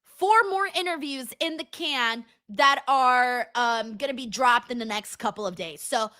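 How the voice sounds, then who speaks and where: A young woman hosts a casual watch-along stream, reacting excitably to viewer messages. Her voice sits high and rings bright, and she laughs easily and swears without a second thought. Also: measured pace. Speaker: livestream host.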